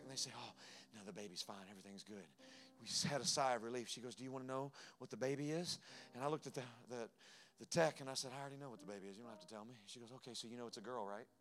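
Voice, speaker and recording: Guy preaching a sermon, storytelling, goes soft then loud, mid pitch, bit of music under it. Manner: personal storytelling, swings from hushed to loud and emphatic. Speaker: pastor. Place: church sanctuary.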